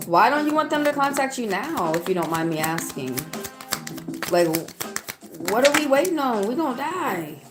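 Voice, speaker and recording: A woman's voice: on the high side, very animated, normal speed. A woman with a Southern US accent giving a live-stream tarot reading, chatty and outspoken as she talks straight to her chat. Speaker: tarot reader. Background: faint background music.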